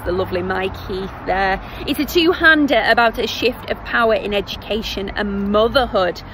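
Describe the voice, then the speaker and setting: A theatre vlogger from North West England, a woman with a Northern English accent and a slightly high, bright voice, casually recommends shows with self-deprecating asides. She films outdoors by a road on a phone held at arm's length, with traffic in the background.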